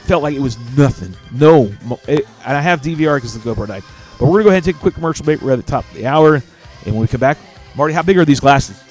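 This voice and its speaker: A man's voice: mid-range voice, expressive, very fast, darkish tone, faint music behind. A man hosting a casual live show, telling stories animatedly and swearing freely. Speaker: show host.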